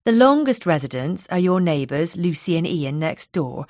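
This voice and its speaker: A woman reading aloud gives a chatty young hairdresser from the island a lifted, bubbly voice with a soft Isle of Wight burr. She gushes in a friendly, talkative way. The sound is dry and close, with no room around it. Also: fairly low pitch, very animated, moderate pace, dry recording. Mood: cheerful.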